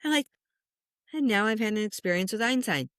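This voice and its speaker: A middle-aged woman, a spiritual medium, telling a personal story in conversation with lots of lively swings and chuckles. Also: mid-range voice, fairly quick, dry recording, studio quality. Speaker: spiritual medium and meditation teacher.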